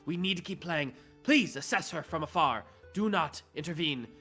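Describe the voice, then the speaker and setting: A man's voice: on the high side, expressive, normal speed, pushed and bright, voice pushed up. An earnest female goblin drummer with a raised, pleading voice, as a man puts her on. She begs others to keep back and let the ritual go on, polite and urgent at once. Faint music plays behind her.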